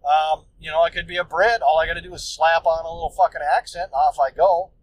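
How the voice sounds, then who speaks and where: High-voiced man ranting profanely. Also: steady tone, fast, slight background noise, rough recording. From United States. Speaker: podcast host. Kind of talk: solo podcast monologue.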